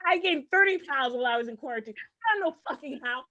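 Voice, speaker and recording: A high-pitched woman works through a stand-up set with dry sarcasm. She keeps the tone loose and chatty and checks in with "right?" as she goes. The recording comes across dull and muffled. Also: lively intonation, fast talker, sharp tone. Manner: sarcastic, conversational, peppered with "like" and "right?". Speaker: stand-up comedian. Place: comedy show stage.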